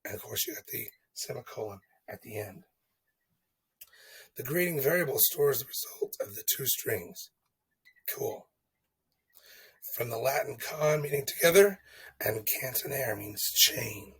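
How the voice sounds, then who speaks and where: This man's voice is medium-pitched, animated, fairly bright and slightly rough, delivered at a measured pace with frequent pauses over a rough recording. He's a teacher talking through coding exercises in a casual screen-recorded lesson, thinking aloud in a chatty way and checking "okay?" often.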